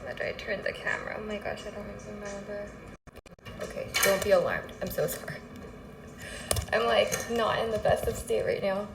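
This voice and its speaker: A woman's voice: medium pitch, steady tone, moderate pace, creaky, background noise. Sick, rambling woman streamer in echoey room. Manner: rambling, apologetic, easily sidetracked. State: sick and out of breath. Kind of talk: casual livestream chat. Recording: echoey room, faint music behind.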